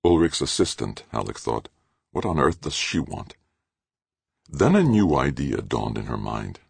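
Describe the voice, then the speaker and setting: A man narrating an audiobook in a measured, expressive way. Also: a bass voice, vocal fry, breathy edge, dry recording. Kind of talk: scripted narration.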